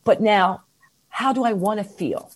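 A woman, a guest on an interview podcast, giving advice on mindfulness in an expressive, animated way, slowing down to stress key points. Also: medium pitch, breathy edge. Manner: expressive, animated, slows down for emphasis.

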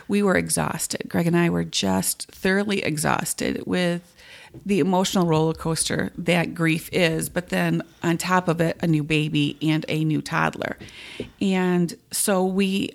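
Middle-aged woman guest, creaky edge, earnest animated storyteller. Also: on the low side. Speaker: guest sharing her story. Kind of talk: conversational storytelling.

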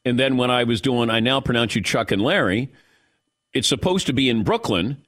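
A middle-aged man hosting a sports talk radio show, telling stories in an animated way with quick asides. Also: medium pitch, no echo, clean studio sound.

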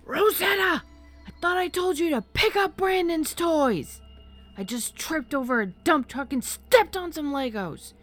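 Woman shouting as a roaring drunken father. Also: high voice, expressive, a little slow, soft background music, pitched above the performer's own voice. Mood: furious. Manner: roaring, bellowing threats. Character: drunken enraged father, middle-aged man.

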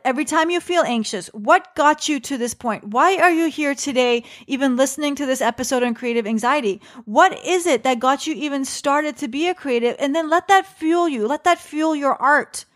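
A woman's voice: sits high, normal speed, hardly any pauses, a bit bright. A woman comedian hosting a podcast, giving casual advice with many rhetorical questions to the listener. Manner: chatty, rhetorical questions, direct address.

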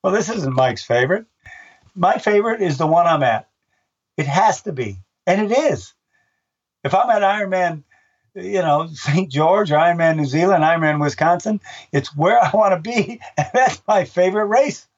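An older man, a race announcer, chatting in an interview and acting out his own shouts as he tells stories. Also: sits high, moderate pace, recorded from a distance, highs cut off. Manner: animated storyteller, acts out his own shouts. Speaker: race announcer and book author. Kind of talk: casual interview chat.

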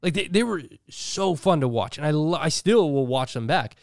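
A man's voice: on the high side, animated, normal speed, no echo, studio quality. A man co-hosting a casual podcast, rambling and joking with lots of fillers. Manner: rambling, filler-heavy, jokey. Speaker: podcast co-host.

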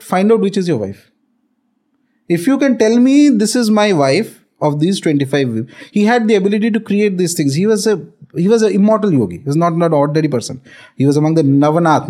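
Mellow-voiced Indian man telling a legend. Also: high voice. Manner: explanatory, mixes in Hindi words, many fillers. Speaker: guest, spiritual author. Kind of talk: storytelling podcast conversation.

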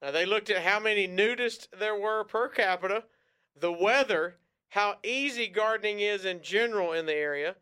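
A man's voice: high voice, moderate pace, pushed and bright, smooth. A man co-hosting a radio show, chatting casually and joking around, often breaking into silly voices. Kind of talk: casual comedic chat.

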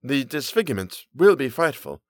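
A man voicing a cool-headed Victorian surgeon who speaks in a calm, clinical, measured way. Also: mid-range voice, no echo, voice pushed up, natural voice.

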